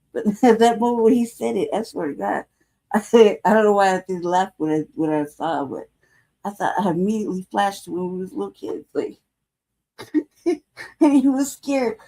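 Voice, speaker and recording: A mid-range, mellow voice belongs to a woman in her forties who hosts a relaxed livestream. She rambles through a story peppered with laughs and swear words.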